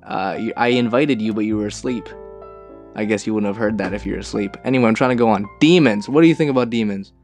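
A man's voice: on the low side, fast, darkish tone, soft background music. A young man hosting a casual podcast, rambling and swearing as he tells stories with bursts of laughter. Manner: rambling, profane, laughing storyteller. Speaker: podcast host.

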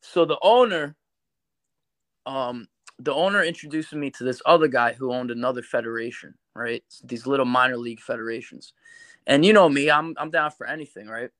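A man from New York, a podcast guest telling a long story in casual, animated talk, swearing a lot. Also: medium pitch, normal speed, dry recording. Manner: animated, swears a lot, acts out quoted voices.

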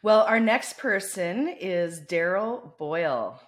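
A woman's voice: lowish voice, animated, slow pace. A woman with a Canadian accent co-hosting a podcast in casual, teasing chat. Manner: teasing, chatty, many fillers. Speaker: co-host.

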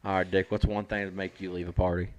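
A young man co-hosting a casual chat, asking the questions and teasing with crude deadpan jokes. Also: deep voice, fast talker. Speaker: podcast co-host.

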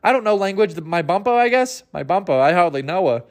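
A man with a high voice hosts his own comedy podcast. He rambles loosely through a story, mocks himself and slips into the voices of the people he describes. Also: expressive, quick pace. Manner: rambling, self-mocking, acts out characters. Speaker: podcast host.

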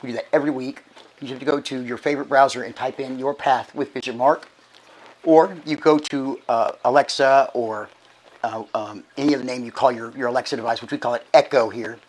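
Hoarse, breathless pastor. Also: male voice, medium pitch, steady tone, low-quality recording. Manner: chatty, folksy, halting restarts. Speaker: archbishop giving church announcements. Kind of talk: casual church announcements. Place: church sanctuary.

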